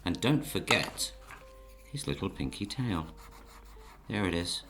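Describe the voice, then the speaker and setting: A man gently narrating a children's story while he draws the pictures, and he often talks to the audience. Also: deep voice, animated, unhurried, loud music behind the voice. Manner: gentle, coaxing, speaks to the audience.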